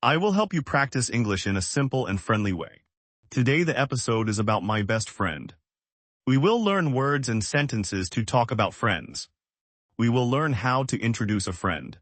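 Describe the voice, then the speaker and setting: A man from the United States, teaching English in slow, simple, evenly paced sentences. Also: mid-range voice, very animated, fairly bright tone, dry recording. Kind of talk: slow scripted lesson.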